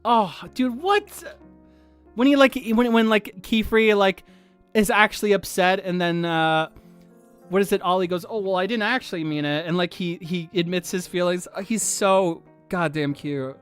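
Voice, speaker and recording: A streamer chatting casually on a livestream, gushing excitedly and swearing freely, with faint music behind. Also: medium pitch, a little slow, clean tone.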